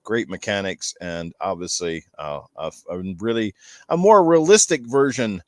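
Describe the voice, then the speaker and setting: A man's voice: on the low side, lively intonation, moderate pace, no echo, studio quality. A Canadian man hosting a casual gaming podcast panel, rambling into joking rants. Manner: rambling, jokey ranting. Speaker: podcast host.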